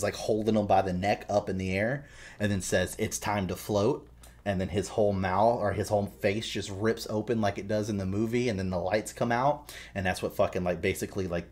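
A man co-hosting a podcast, telling a story in animated, profane casual chat. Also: lowish voice. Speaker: podcast co-host.

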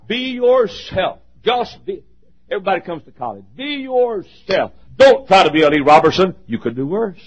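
A man preaching a sermon as a pastor, impassioned, joking now and then, dropping from shouts to near whispers. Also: sits high, big pitch swings, normal speed, husky, highs cut off. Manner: joking asides.

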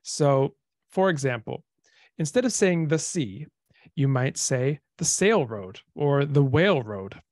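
A man's voice: mid-range voice, expressive, slow, a little mellow, dry recording, studio quality. A man giving an online lecture, chatty and thinking aloud, with fillers and restarts. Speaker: lecturer on dead languages. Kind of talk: online talk with slides.

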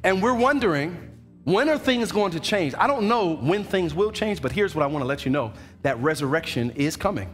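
A man pastor preaching a sermon in a church, animated, and he acts out the voices of churchgoers. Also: fairly high pitch, moderate pace, soft background music. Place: church sanctuary.

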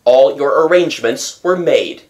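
A reader voicing a self-satisfied police commissary who questions and lectures in a measured way. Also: mid-range voice, darkish tone, natural voice. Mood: probing. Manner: measured, lecturing, pleased with himself.

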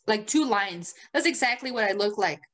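Woman podcast co-host, casual chat, animated and swearing, mid-pitched. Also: normal speed. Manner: animated, profane storytelling with frequent laughter.

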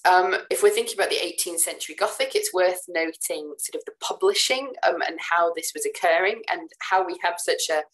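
Woman lecturer, deep voice, casual and filler-heavy, talking through slides. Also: fairly quick, few pauses, poor audio. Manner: chatty, many ums and "sort of" fillers; relaxed, casual asides to students. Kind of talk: recorded lecture over slides.

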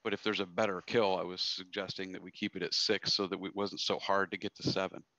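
A man's voice: deep voice, level tone, fast, sharp tone, no echo, highs cut off. A man playing a social deduction game, defending himself with hesitant restarts. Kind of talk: casual game discussion.

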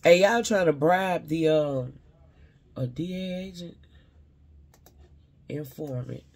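A man's voice: a little high, slow pace, a little mellow. A man giving a casual spiritual reading to his viewers, rambling and talking straight to them while often second-guessing his own words.

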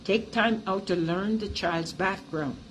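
A woman's voice: medium pitch, unhurried, a little hiss or hum. A middle-aged woman with a Jamaican accent, an earnest and emphatic teacher and artist giving a presentation about her artwork.

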